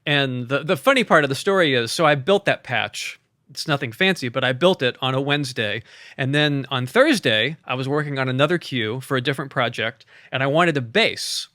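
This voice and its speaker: A man's voice: medium pitch, animated, a little fast, pushed and bright, no echo, studio quality. A man who composes music, co-hosting a podcast in a casual, enthusiastic chat, full of fillers and restarts. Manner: enthusiastic, loose, with frequent fillers. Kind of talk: casual conversation about synths.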